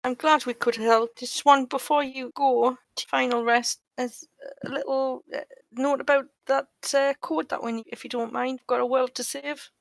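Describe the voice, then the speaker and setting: A woman's voice: high-pitched, fairly even intonation, normal speed, vocal fry, dry recording. A woman player in a tabletop game, talking casually and politely. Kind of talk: casual chat.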